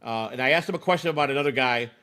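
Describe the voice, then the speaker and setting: A man's voice: medium pitch, racing, sharp tone. A man hosting a podcast, telling a story in a rambling way that repeats itself. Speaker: podcast host. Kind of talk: casual storytelling.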